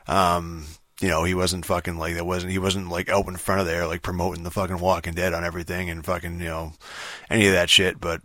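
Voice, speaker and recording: A man's voice: deep voice, level tone, a little fast, sharp tone, no echo. A man in a casual, rambling rant, swearing constantly and sounding annoyed and dismissive. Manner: profane, rambling, heavy filler words. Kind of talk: casual ranting monologue.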